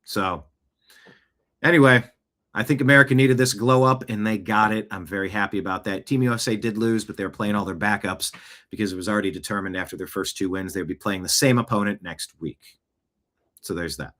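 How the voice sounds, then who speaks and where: A man's voice: lowish voice, fairly quick, fairly bright tone. A man hosting a show, giving casual, rambling political commentary and reacting to clips, with conversational asides. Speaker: show host. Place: home studio, seated.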